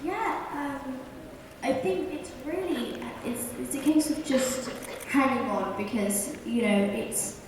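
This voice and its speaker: A woman's voice: high voice, slow. A young woman, an actor on a fan panel, chatting in a bubbly, giggly way. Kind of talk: casual panel Q&A. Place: large convention hall. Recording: echoey hall from far off, noisy.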